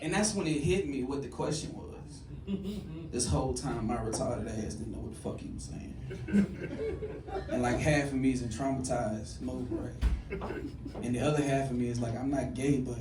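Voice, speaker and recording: A male stand-up comedian telling a story on a club stage, animated, jumping to loud high bursts on the punchlines. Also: normal speed. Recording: echoey club, distant mic, audience noise.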